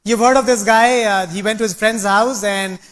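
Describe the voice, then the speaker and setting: A man's voice: high-pitched, fairly even intonation, normal speed, fairly bright tone. A man giving a rousing, preachy motivational talk, telling anecdotes to an audience. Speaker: speaker at a business meeting.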